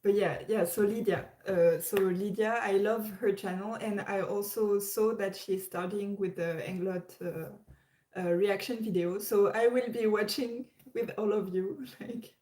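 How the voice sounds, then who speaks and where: Slow-talking woman chatting on a livestream. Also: mid-range voice, fairly even intonation, warm tone. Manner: chatty, hesitant, many restarts and laughs. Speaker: livestream host. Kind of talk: casual livestream chat. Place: her room. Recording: roomy echo.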